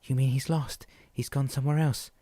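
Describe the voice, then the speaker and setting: A frantic, pleading wife, raised high and near tears, as a male reader puts her on. The storybook voice is mellow underneath and dry. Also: steady tone, fairly quick, dry recording, natural voice. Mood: desperate. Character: panicked adult woman searching for her husband.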